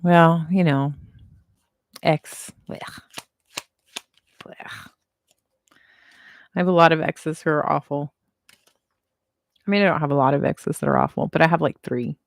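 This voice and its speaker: A woman's voice: low voice, measured pace, vocal fry, pauses often, dry recording. A woman, giving a casual livestream tarot reading and chatting, repeating reassurances with chatty asides, seated at a table at home. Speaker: tarot reader.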